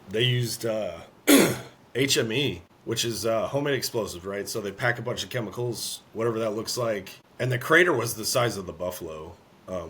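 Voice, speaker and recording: A man, an army veteran, telling a war story in an interview, earnest and halting, often clearing his throat. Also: on the low side, a bit bright, slight background noise.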